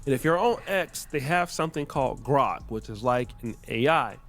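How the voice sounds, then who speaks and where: A man's voice: medium pitch, a little hiss or hum. Man hosting a gossip reaction show. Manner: narrating news then reading comments aloud. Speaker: host. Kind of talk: reaction commentary.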